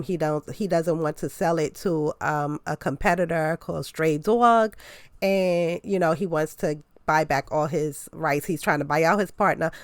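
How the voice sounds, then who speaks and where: A woman talks through a casual movie review, a little stuffed-up from a cold. Her voice sits on the low side for a woman, chatty and expressive, and she leans on "like" as she goes. The sound is dry and close, with no room echo. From New York. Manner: chatty and expressive, leans on "like", jumps up in pitch for emphasis.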